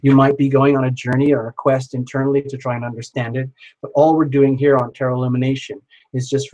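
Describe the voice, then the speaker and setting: A man with a husky voice hosts a live tarot stream. He speaks softly and repeats reassuring affirmations to viewers, naming them as he goes. His pitch sits right in the middle of the range. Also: low-quality recording. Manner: gentle, repetitive affirmations, addresses viewers by name.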